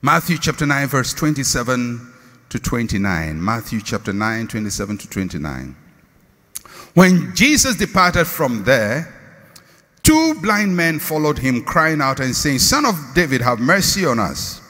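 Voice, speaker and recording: Middle-aged Ghanaian man, pastor, dramatic sermon, rising shouts and quiet drops, lively pitch. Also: unhurried. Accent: Ghanaian English. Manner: preaching with dramatic swings between shouting and hushed tones. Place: large church hall. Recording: reverberant hall.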